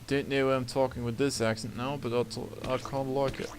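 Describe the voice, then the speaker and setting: A man with a medium-pitched, fairly monotone voice talks fast with few pauses. Playing a card game over game music, he thinks aloud about his moves in casual commentary, grumbling and swearing when things go badly.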